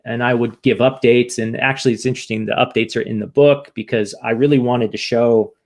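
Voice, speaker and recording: A man's voice: medium pitch, fairly even intonation, a little fast. A man from the United States, a podcast guest, speaking candidly and rambling with many restarts in an emotional interview.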